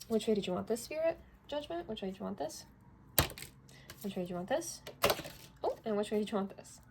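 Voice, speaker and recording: A woman's voice: mid-range voice, mellow, slight background noise. Woman, tarot reader, casual chat, talkative, laughs a lot, wanders off topic. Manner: chatty, laughs often, trails into asides.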